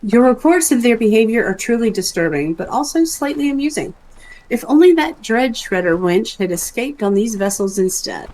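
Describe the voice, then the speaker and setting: A woman's voice: a little high, expressive, normal speed, darkish tone, slight background noise, close to an everyday voice, poor audio. A woman reading a formal quest-giver's lines aloud from a game in her own plain, lightly wry voice.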